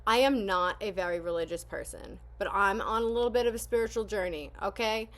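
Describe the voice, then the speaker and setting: A woman talks through a music reaction video in a loose, candid way, drifting between thoughts with plenty of fillers. Her voice sits at an ordinary middle pitch. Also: fairly quick, fairly bright tone. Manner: candid and rambling, with frequent fillers. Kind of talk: casual spoken commentary and prayer reading.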